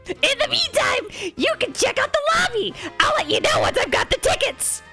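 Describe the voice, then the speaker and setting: A woman's voice: very high-pitched, big pitch swings, moderate pace, bright, forceful tone, pitched above the performer's own voice, exaggerated voice. A woman voicing a small, chipper male theater companion in an eager, sing-song read-aloud. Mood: cheery. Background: faint game music.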